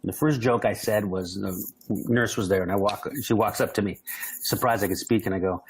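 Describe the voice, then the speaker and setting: A man's voice: fairly low pitch, fairly quick, breathy edge, poor audio. A man telling stories in an interview, acting out the voices of people he quotes. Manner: animated, acts out quoted voices. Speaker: guest. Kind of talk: storytelling interview.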